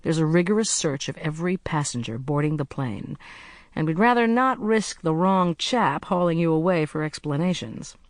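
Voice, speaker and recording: A narrator voicing a cheerful, brisk young male agent in an audiobook. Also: mid-range voice, lively intonation, no room sound, natural voice. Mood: breezy. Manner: brisk, blithe, chatty. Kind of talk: audiobook character voice.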